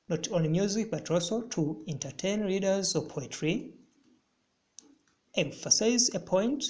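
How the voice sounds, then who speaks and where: A man teaching a recorded literature lesson, explaining slowly and deliberately and repeating phrases for emphasis. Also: sits high, a little mellow.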